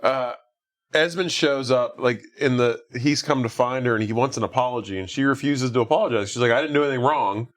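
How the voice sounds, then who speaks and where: A man's voice: medium pitch, brisk. A man hosting a podcast, casually retelling a film's plot with lots of fillers and quoted lines. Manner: rambling recap with acted-out quotes and laughs. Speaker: podcast host. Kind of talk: casual movie recap chat.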